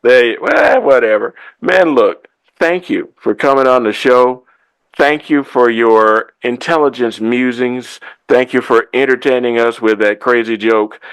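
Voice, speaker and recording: A man's voice: mid-range voice, unhurried, fairly bright tone, smooth, dry recording, poor audio. A man hosting a podcast, laid-back and slangy, calling his guest brother. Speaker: podcast host. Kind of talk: casual chat.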